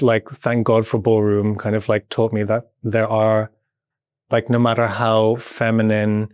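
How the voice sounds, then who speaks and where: A man with a British accent, chatting as a podcast guest in an animated, playful way. He laughs often and fills his talk with casual filler words. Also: lowish voice, dry recording, clean studio sound. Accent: British English. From Britain. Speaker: podcast guest, movement artist. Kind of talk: casual chat.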